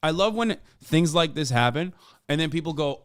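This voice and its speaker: A man's voice: on the high side, expressive, normal speed, smooth, dry recording, clean studio sound. A man in his thirties, a streamer giving casual, profane live-stream commentary, ranting emphatically with plenty of fillers. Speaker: streamer reacting to a clip.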